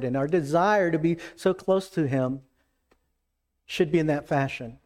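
A man preaching a sermon in an earnest, emphatic way, acting out quoted lines with shifts in pitch and pace. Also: darkish tone. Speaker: pastor.

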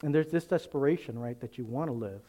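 A man's voice: medium pitch, fast, mellow. A man preaching a sermon in a conversational way, asking the congregation questions and acting out little scenes. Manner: conversational preaching, rhetorical questions, acts out voices. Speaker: pastor.

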